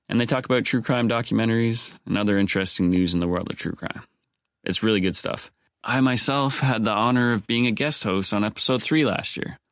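A man's voice: lowish voice, fairly bright tone, no echo. A man hosting a podcast on his own, talking casually and cracking dry jokes to his listeners. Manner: wry, joking asides. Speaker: podcast host.

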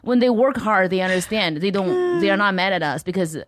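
A woman in her thirties from China with a Chinese accent, a comedian telling deadpan stories as a podcast guest and acting out the voices of people she quotes. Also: medium pitch, fairly quick. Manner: deadpan comic storytelling, acts out quoted voices. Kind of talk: podcast chat.

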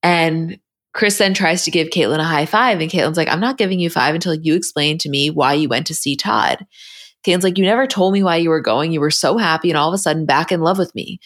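A woman's voice: deep voice, fairly quick. A woman co-hosting a podcast, bluntly retelling a reality show episode in casual chat. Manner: retells scenes quoting the cast, blunt. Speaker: podcast co-host.

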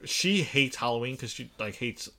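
A young man in casual chat with a bright, sharp voice that rises and falls a lot. He teases his co-host and fires back quick reactions. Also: medium pitch, expressive. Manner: teasing, quick reactions with laughs. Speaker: podcast co-host.

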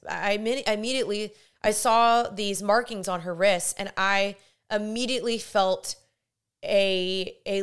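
A young woman talks through a personal faith story on her podcast, earnest and rambling, often circling back and restarting her sentences. Her voice sits at an ordinary middle pitch and comes across smooth and clear. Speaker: podcast host.

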